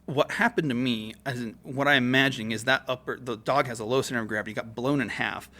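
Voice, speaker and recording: A man's voice: medium pitch, quick pace, bright, forceful tone. Man telling a war story casually. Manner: casual and profane, with many fillers. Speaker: guest, military veteran. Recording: podcast studio mic.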